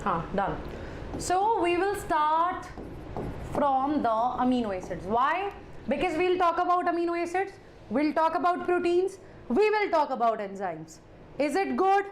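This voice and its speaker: High-voiced Indian woman teacher, playful and theatrical, chatting in Hindi-laced English during a live class. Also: big pitch swings, unhurried, noisy background.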